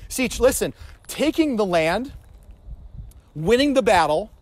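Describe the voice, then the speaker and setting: A man's voice: high voice, sing-song, measured pace. A pastor giving a sermon, telling personal stories and pressing his listeners with questions, often repeating words as he restarts a phrase. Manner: earnest, personal preaching that builds to emphatic questions.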